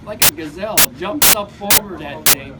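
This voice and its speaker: A man's voice: high-pitched, normal speed, recorded from a distance. A man telling a story to friends in a casual, profane way, acting out what people said. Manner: animated, profane, acts out quotes. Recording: loud background noise.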